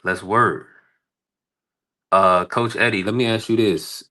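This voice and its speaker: Deep flat-voiced man hosting a stream. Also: slow. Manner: shout-outs to chat, relaxed filler-heavy. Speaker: host. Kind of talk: live-stream boxing talk show.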